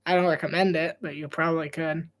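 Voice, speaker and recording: A woman's voice: low-pitched, steady tone, fast. A young woman from Florida chatting casually on a live sports stream, laughing often and acting out quoted voices. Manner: giggly, chatty, leans on "like", acts out quoted voices. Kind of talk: casual chat over a live game.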